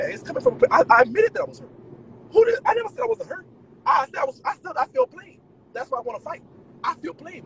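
Man, profane emphatic rant, gravelly, fast-talking, traffic noise behind. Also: very high-pitched, poor audio. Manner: animated, profane, emphatic venting. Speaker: vlogger. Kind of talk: ranting straight to camera.

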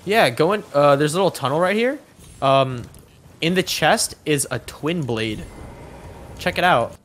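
A man's voice: on the high side, expressive, unhurried, a bit bright, a little hiss or hum. A young man co-hosting a co-op game session, swearing and joking with his partner. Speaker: gaming co-host. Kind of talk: co-op gameplay banter.

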